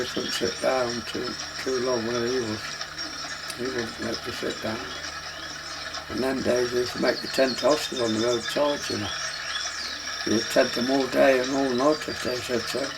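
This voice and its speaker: Older man, gravelly voice, rambling dialect reminiscence, noisy hiss behind. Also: mid-range voice. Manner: plain dialect speech, loosely strung recollections. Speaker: interviewee recalling travelling life. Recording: noisy documentary recording.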